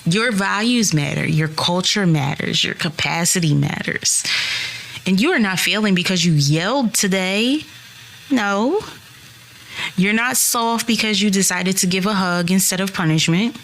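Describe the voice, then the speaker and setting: A woman's voice: mid-range voice, unhurried, creaky, a bit bright, a little hiss or hum. A woman in her thirties hosting a solo podcast, speaking earnestly and reassuringly straight to her listeners. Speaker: podcast host.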